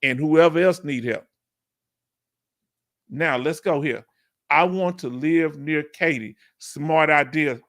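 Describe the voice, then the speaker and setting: A man from Houston with a Southern accent hosting a casual veteran livestream Q&A, reading viewer comments aloud in slangy, animated talk. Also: fairly high pitch, takes it slowly, pauses often. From Houston, Texas.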